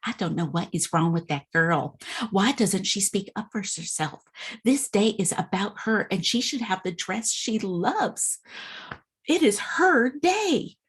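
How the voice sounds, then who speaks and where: A woman voicing a frustrated female bridal shop saleswoman, speaking emphatically and with exasperation, higher than her own voice. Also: lively intonation, unhurried, breathy edge. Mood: exasperated.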